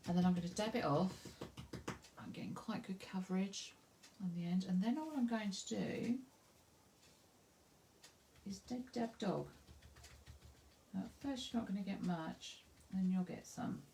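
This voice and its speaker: A woman's voice: mid-range voice, expressive, unhurried, gravelly, pauses often, mellow, slight background noise. A woman with an Essex accent teaching a live painting demonstration, chatting and thinking aloud as she works. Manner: chatty, self-deprecating, thinks aloud while working. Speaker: craft tutor.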